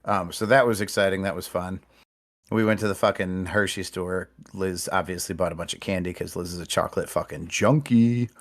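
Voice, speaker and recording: Podcast host guy, kinda low voice, swears a ton while telling a story. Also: steady tone, brisk. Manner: storytelling with heavy profanity. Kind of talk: casual chat.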